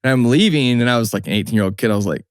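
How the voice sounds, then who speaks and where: A man's voice: mid-range voice, lively intonation, very fast, smooth, no room sound, studio quality. A young man from New Mexico, a hat maker and guest, telling stories in a laid-back, slangy way. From New Mexico, USA. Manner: laid-back, slangy, acts out quoted people. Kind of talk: casual storytelling.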